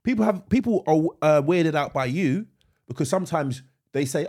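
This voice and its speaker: A man's voice: a little high, normal speed. A middle-aged man co-hosting a podcast, chatting casually and acting out the people in his stories. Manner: animated storyteller, acts out voices. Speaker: podcast co-host. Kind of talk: casual chat.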